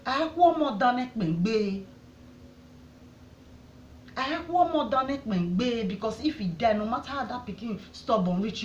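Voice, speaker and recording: A Nigerian woman vlogger speaks with fierce conviction, pleading and demanding answers. Her voice sits slightly high. The sound is dull and roomy, with a faint hiss underneath. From Edo State, Nigeria. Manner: pleading, indignant, rhetorical questions. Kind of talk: impassioned address to camera. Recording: echoey room, dull sound.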